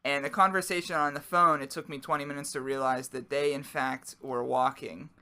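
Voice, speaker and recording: Bright-voiced joking man, mouth full. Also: medium pitch, fairly even intonation, a little fast. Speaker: podcast co-host. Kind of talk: casual chat while eating.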